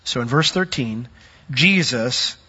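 Man, preacher, sermon, husky, bright, animated, acts out voices, dull lo-fi recording. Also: mid-range voice, slow pace, big-room sound.

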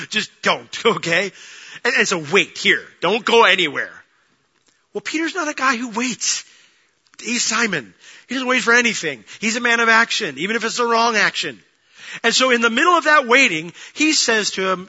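Man preaching, high bright voice, goes loud then real quiet, kinda muffled lo-fi sound. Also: a little fast. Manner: animated storytelling, acting out quoted lines, rising to near-shouting then dropping low. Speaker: pastor. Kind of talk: sermon.

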